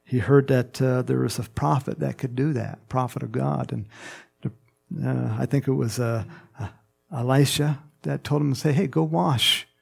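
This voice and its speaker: A man preaching a sermon in a slow, conversational way, laughing and putting on playful mock voices. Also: mid-range voice, fairly even intonation, vocal fry, darkish tone, breathy edge.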